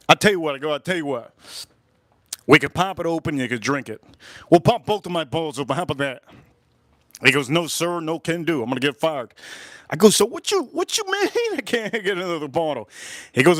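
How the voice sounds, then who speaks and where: A man's voice: a little high, no room sound, clean studio sound. A middle-aged man hosting a casual livestream, chatting and acting out both sides of his stories. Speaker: livestream host. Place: outdoors at a backyard grill.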